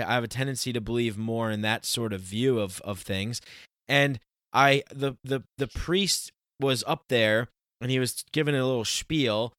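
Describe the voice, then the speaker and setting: A man's voice: mid-range voice, fairly bright tone, dry recording, clean studio sound. Rambling man in casual chat. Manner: rambling, many restarts, slows for emphasis.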